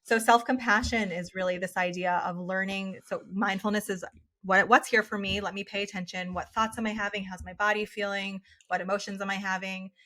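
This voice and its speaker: Bright-voiced woman, earnest and chatty. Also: mid-range voice, fairly even intonation, a little fast. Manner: earnest, with many "like" and "you know" fillers. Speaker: guest psychologist. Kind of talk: casual interview conversation.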